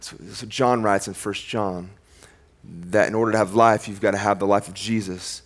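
A male pastor delivering a sermon, moving between emphatic, raised declarations and quiet, slowed passages, with a casual, conversational way of phrasing. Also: on the low side, steady tone.

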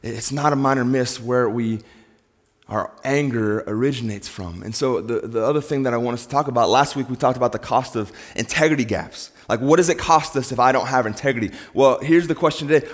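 A middle-aged male pastor preaching a sermon, telling a story in an animated way and building to loud, emphatic peaks. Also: medium pitch, a little fast. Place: church sanctuary. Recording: long hall reverb.

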